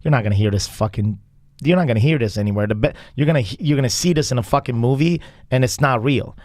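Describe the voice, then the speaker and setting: Male host, loose and profane, mid-pitched, dry close sound. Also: quick pace, darkish tone, no echo. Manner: casual, profane, backchanneling. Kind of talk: casual conversation.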